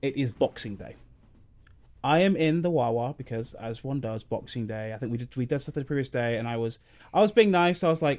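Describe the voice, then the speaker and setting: A British man tells a casual anecdote to his co-hosts, rambling and stopping for asides that set the scene. His pitch swings widely as he goes. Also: animated, fairly quick, darkish tone. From Britain. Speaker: podcast co-host.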